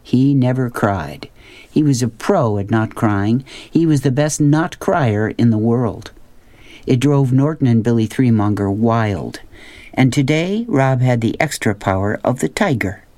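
Storybook narrator, man, mid pitch, steady plain read, dry close sound. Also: a little slow, dry recording. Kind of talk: storybook reading aloud.

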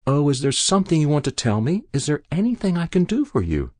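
A man's voice: a little high, huge pitch swings, quick pace, a little mellow, no room sound, studio quality, voice pushed up. A man reading aloud, voicing a patient, worried grown daughter at her mother's bedside. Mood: anxious.

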